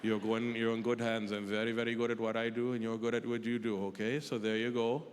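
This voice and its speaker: A comedian putting on the voice of a calm, soothing male heart doctor with an accent, who talks slowly and gently. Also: mid-range voice, pitched below the performer's own voice, natural voice. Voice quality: slow, gentle, reassuring. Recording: reverberant live hall with audience noise.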